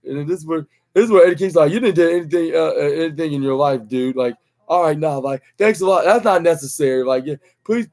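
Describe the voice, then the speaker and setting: Young male podcast host, slightly high voice, loose rambling recap delivery with lots of fillers. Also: fast, a little mellow. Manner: rambling, many fillers and restarts, acts out quotes. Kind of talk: casual wrestling recap.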